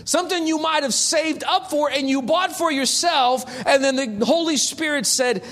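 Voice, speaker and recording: A man preaching a sermon in a lively, humorous, conversational way. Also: very high-pitched, normal speed, few pauses. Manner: animated, humorous, acts out quotes.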